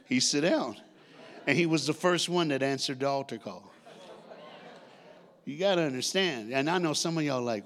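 A man in his sixties preaching a lively sermon, leading the congregation in call-and-response, shouting and half-singing at the peaks and joking in between. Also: mid-range voice, normal speed. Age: 60s. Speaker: guest preacher.

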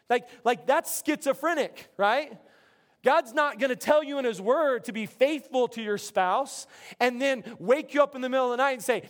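Male pastor, middle-aged, high voice, casual animated sermon delivery. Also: moderate pace. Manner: conversational, animated, self-interrupting preacher.

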